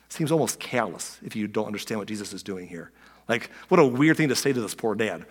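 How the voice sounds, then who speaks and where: Conversational pastor in a big echoing hall. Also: male voice, medium pitch, expressive, fairly quick, breathy edge. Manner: conversational, swings from loud to near-whispered. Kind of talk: sermon.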